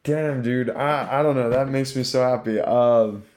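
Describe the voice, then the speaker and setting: A man's voice: mid-range voice, a little slow, a little mellow. A young man hosting a casual podcast chat, laid-back and swearing freely, calling his guest bro. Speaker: podcast host.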